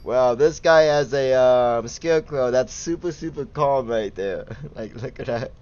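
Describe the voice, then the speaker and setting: A young man streams a game with casual, giggly commentary. He laughs easily and gets excited over loot while chatting with viewers. His voice sits mid-pitch and comes through a slightly dull, lo-fi mic. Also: unhurried. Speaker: gaming livestreamer.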